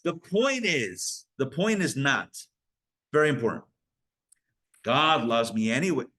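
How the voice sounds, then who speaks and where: A male rabbi teaching a live Kabbalah class, animated, asking rhetorical questions and breaking off his own sentences. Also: mid-range voice, a little slow.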